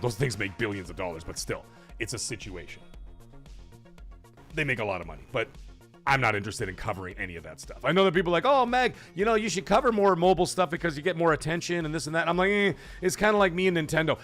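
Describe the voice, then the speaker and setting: A man's voice: mid-range voice, fairly bright tone. Chatty man hosting a live stream. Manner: rambling, chatty, reads out chat comments. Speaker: livestream podcast host. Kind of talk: casual live-stream chat. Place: home.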